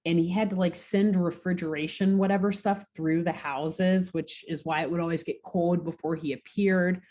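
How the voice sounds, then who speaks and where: Podcast co-host, woman, fairly low voice, lively casual storytelling with swearing. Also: normal speed, a little hiss or hum. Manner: animated, swearing, laughing storyteller. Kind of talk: casual recap chat.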